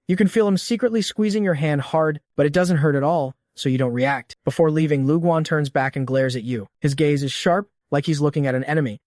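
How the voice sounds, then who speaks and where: A man narrating a story recap in a steady, scripted second-person delivery. His voice sits somewhat high, and the recording is close and dry with no room sound. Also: a little fast, hardly any pauses, no echo.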